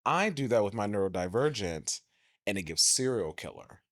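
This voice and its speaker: A man co-hosting a podcast in casual chat, animated and quick to jump into high mock voices. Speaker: podcast co-host.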